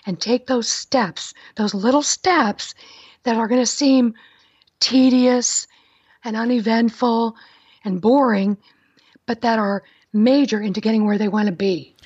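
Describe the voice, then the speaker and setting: A woman's voice: a little high, a little slow, darkish tone, dry recording, lo-fi sound. A middle-aged woman, chatting upbeat as a guest in an interview. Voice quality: raspy. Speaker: guest, wedding planner. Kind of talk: casual interview talk.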